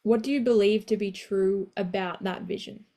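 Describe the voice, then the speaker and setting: Woman, motivational coach hosting live; warm mellow voice, energetic, blunt, swears freely. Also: mid-range voice, normal speed. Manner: energetic, blunt, swears casually, cheers listeners on.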